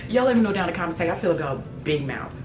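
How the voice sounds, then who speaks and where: A woman vlogger giving excited casual reaction commentary on a music video and exclaiming to her viewers. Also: fairly low pitch, very fast, dull audio. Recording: echoey room with music playing.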